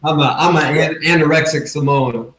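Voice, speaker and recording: A man hosting an interview, mostly brief answers and quiet laughs. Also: fairly high pitch, moderate pace, echoey room, slight background noise, rough recording. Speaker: podcast host.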